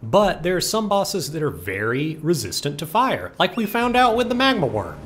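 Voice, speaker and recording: A man casually explaining his choices while playing a video game, in a relaxed, rambling way. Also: on the high side, normal speed, a little hiss or hum. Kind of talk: casual gameplay commentary.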